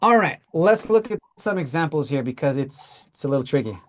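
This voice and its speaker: In a pronunciation class, the teacher slowly demonstrates each word and keeps asking "right?" to check understanding. Her delivery is expressive, in a mid-range voice.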